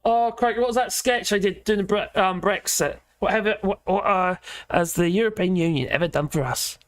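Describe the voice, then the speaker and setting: A man's voice: high voice, normal speed, no echo, clean studio sound. A man hosting a casual livestream, chatting and rambling through viewer comments in an opinionated way from home. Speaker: livestream host.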